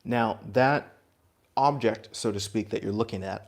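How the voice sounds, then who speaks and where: A man giving a spiritual talk to a group, gentle and reflective, chuckling now and then and dropping in blunt asides. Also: fairly low pitch, moderate pace. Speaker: spiritual teacher.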